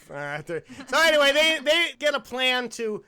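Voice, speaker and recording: A young man riffing on a film for his podcast, voice pitched high for a man and bright with some edge to it. he talks in an animated, wandering way that keeps circling back, and he breaks into laughs often. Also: clear, resonant tone. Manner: animated and rambling, quick to laugh. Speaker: podcast host. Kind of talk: casual movie commentary.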